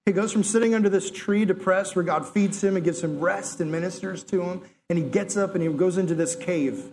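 A man's voice: sits high, fairly quick, a little hiss or hum. A man giving a sermon in an earnest, conversational way, talking straight to his listeners and acting out lines of dialogue. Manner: acts out God's and Elijah's words in lively asides. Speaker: preacher.

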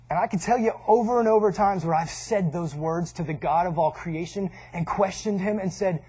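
A man's voice: high voice, normal speed, few pauses, darkish tone, husky. A man preaching a casual sermon, conversational and joking, often quoting people in voices. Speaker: pastor.

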